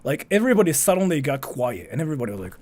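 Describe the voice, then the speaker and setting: Young streamer from Japan, somewhat high voice, lively pitch, rambling casual chat full of filler words. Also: male voice, very fast. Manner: chatty, rambling, heavy use of "like" and "freaking". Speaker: streamer answering donation questions.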